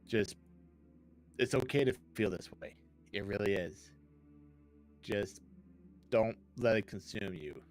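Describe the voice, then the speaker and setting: Casting: low-pitched man, tabletop player in character, earnest and steadying, soft music under. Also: animated, slow pace, long pauses, rough recording. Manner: earnest, steadying, full of restarts. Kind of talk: in-character role-play.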